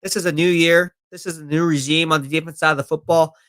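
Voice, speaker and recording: Bright-voiced confident sports streamer man. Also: fairly high pitch, fairly even intonation, fast. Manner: confident, chatty, addresses viewers as bro. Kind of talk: live stream chat reading.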